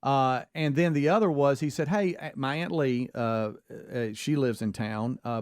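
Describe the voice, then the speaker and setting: A man's voice: medium pitch, dry recording, studio quality. A middle-aged man from Alabama telling a long story on a radio show, acting out the voices of the people in it. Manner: animated storyteller, acts out quoted voices. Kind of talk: casual storytelling chat. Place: radio studio.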